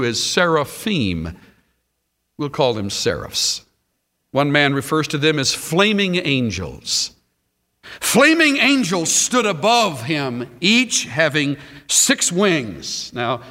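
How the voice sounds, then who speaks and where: A man preaching with a bright, lively, sing-song pitch that rises and falls, his pace slow and deliberate. He drops to hushed asides and then builds to shouts. His voice rings with the long reverb of a large church hall. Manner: dramatic, swings between hushed and shouted. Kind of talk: sermon.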